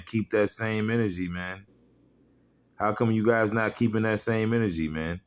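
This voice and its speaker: A low-voiced man preaching in a fiery, mocking rant. He swings between loud, pushed outbursts and muttered asides, and he reads scripture in old-style wording. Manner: fiery, mocking, profane, drops into quiet asides. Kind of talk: heated religious video rant.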